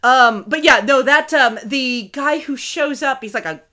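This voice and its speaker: A woman co-hosting a casual podcast, chatting animatedly and slipping into silly voices. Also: sits high. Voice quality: animated, quick to slip into silly put-on voices. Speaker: podcast co-host. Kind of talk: casual chat.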